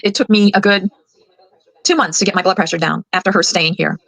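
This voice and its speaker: An older woman and grandmother giving her side of a family conflict, fast and indignant, getting worked up as she talks. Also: lowish voice, fairly even intonation, vocal fry, a bit bright, dry recording, rough recording. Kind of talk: emotional recorded account.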